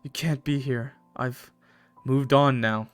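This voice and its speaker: A man reading the lines of a grieving widow in a horror visual novel, in a hushed, quiet voice. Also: mid-range voice, fairly even intonation, slow, clean tone, no echo, soft background music, close to an everyday voice. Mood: sorrowful. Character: grieving widow, adult woman, tearful and firm.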